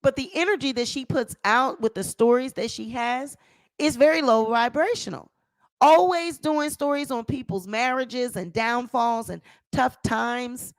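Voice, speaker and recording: Woman host, high voice, emphatic celebrity gossip commentary. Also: a little slow, no echo. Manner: emphatic, repeats phrases for effect. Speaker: channel host.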